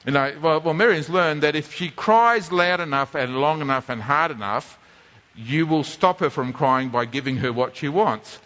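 A man's voice: a little high, moderate pace, a bit bright. A man, preaching a conversational teaching sermon from a drawing board, often repeating and restarting his words. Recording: long reverb of a church hall.

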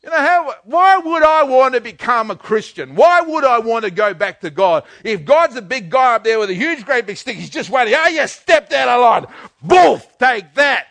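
An older man preaching a sermon, swinging from hushed to loud. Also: extremely high pitch, lively intonation, moderate pace, hardly any pauses, dry recording. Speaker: pastor.

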